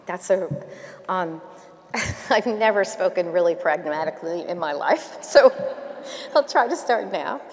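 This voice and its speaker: A woman's voice: lowish voice, expressive, measured pace, long pauses. A woman giving a conference keynote, telling candid stories with laughs and asides. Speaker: keynote speaker. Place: large domed hall. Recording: long hall reverb.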